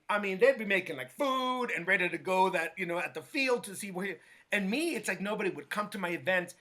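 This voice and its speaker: A middle-aged man with a high, bright voice recounts his past in a relaxed interview. He gets animated, slips into the voices of people he quotes, and keeps tossing "right?" to his listener. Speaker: guest, hair stylist. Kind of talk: casual storytelling interview.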